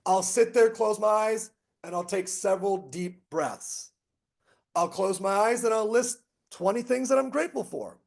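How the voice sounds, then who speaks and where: A man's voice: high voice, moderate pace, creaky. A middle-aged man presenting a motivational online strategy session, emphatic and repetitive as he rattles off lists. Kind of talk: motivational webinar talk.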